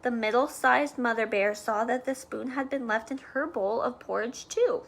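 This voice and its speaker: A woman reads a children's storybook aloud in a high voice. She adds playful, chatty asides and drops to soft whispers now and then. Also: moderate pace, gravelly, a little hiss or hum.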